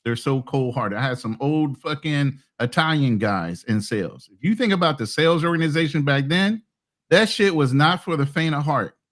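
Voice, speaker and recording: A man's voice: fairly high pitch, lively intonation, moderate pace, a bit bright. A middle-aged man talking bluntly and profanely in a casual podcast chat, as a co-host. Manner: blunt, profane, boastful storytelling.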